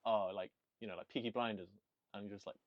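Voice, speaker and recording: A young man hosting a podcast, chatting casually and laughing easily while gently teasing his guest. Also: fairly low pitch, fairly even intonation, quick pace, no echo, highs cut off. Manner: laughs often, easygoing and friendly teasing. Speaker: podcast host.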